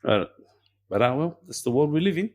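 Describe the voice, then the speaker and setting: A man's voice: on the high side, sing-song, fairly quick, darkish tone. A man co-hosting a casual podcast, talking in an easygoing way with sarcastic asides. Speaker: podcast co-host.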